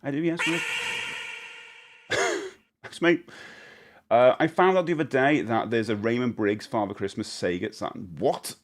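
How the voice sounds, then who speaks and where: A man's voice: medium pitch, big pitch swings, normal speed. A man hosts a live-stream Q&A from his home streaming room, talking into a desk mic. He rambles cheerfully, reads the chat's questions aloud and laughs readily at his own answers. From England. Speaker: livestreamer.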